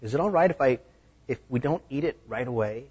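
A man's voice: mid-range voice, expressive, a little fast, darkish tone, breathy edge. A man voicing a lonely woman about to turn thirty-nine, who pleads and stammers. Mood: hesitant. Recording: dull lo-fi recording.

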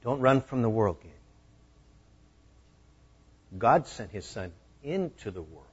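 Husky man preaching a story. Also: medium pitch, takes it slowly. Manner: animated, acting out the scenes. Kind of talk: storytelling sermon. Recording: dull lo-fi recording.

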